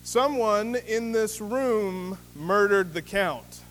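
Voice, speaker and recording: A man voicing a stern male inspector who slowly accuses the suspects in a told story. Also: sits high, fairly bright tone, in a large hall, slight background noise. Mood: accusing.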